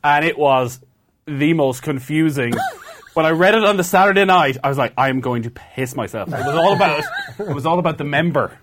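A man's voice: fairly high pitch, fairly quick, background noise. A man co-hosting a podcast, laughing through his own story in a casual chat. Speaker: podcast co-host.

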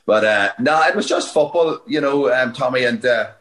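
A man's voice: medium pitch, a bit bright, roomy sound. A man in his forties from Fermanagh with a Northern Irish accent, a guest coach telling stories in a casual interview, full of restarts and chuckles. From Fermanagh, Northern Ireland. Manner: rapid storytelling, many restarts and chuckles. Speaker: guest, Gaelic football coach.

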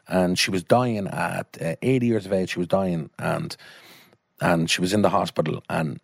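An Irish man in casual conversation with a low voice. He tells a story with swearing and quick put-on voices. The recording is dry and close. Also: steady tone, gravelly, no room sound. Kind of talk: casual anecdote.

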